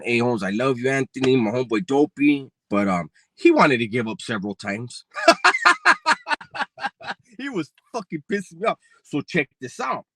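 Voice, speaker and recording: A man's voice: mid-range voice, fairly bright tone, no room sound. A man in his forties telling a personal story in a casual, profane, slang-heavy way. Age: 40s.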